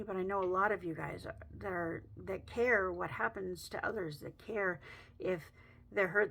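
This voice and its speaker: A woman talking in a heartfelt personal vlog, emotional and halting, choked up, with soft pauses. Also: medium pitch, slight background noise. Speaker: vlogger.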